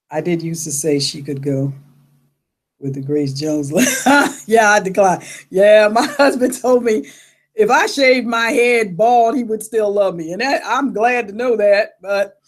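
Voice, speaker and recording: Lively middle-aged woman vlogger telling stories. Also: mid-range voice. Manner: animated storyteller who laughs often and acts out reactions. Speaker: vlogger reading viewer comments. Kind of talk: casual chat.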